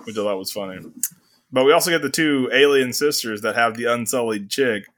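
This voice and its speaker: A man co-hosting a casual comic book review podcast, animated, laughing often and acting out characters' lines. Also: mid-range voice, a little fast. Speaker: podcast co-host.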